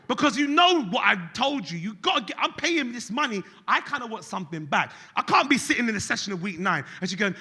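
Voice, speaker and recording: Stand-up, thirties, very bright, sharp tone, high and lively delivery swinging between loud bursts and hushed asides. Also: male voice, a little fast, hardly any pauses, slight background noise. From England. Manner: animated, switches between loud outbursts and soft acted-out dialogue. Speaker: stand-up comedian. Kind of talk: stand-up comedy set. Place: concert hall stage before a live audience.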